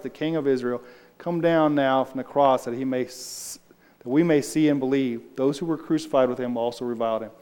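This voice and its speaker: A man's voice: medium pitch, darkish tone, clear, resonant tone. A man leading a casual Bible study, talking loosely and answering his group as he reads aloud. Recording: reverberant room.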